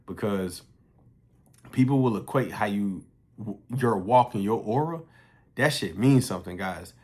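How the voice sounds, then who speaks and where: A man's voice: lowish voice, normal speed. A man talking casually and bluntly to his viewers in a vlog, swearing freely as he tells a story. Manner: blunt, profane, conversational. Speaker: fitness coach.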